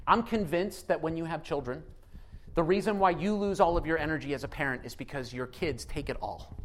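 Guy preaching in his 30s, pretty high voice, tells stories, laughs a lot, gets loud then goes quiet. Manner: emphatic preaching that swings from hushed to near-shouting; personal storytelling with laughs. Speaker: pastor. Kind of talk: sermon.

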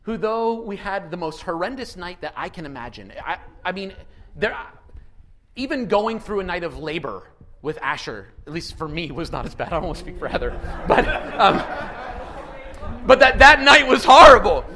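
Bright-voiced, high-pitched preaching man. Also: expressive, brisk. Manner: emphatic preaching that swings from hushed to near-shouting; personal storytelling with laughs. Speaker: pastor. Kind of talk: sermon.

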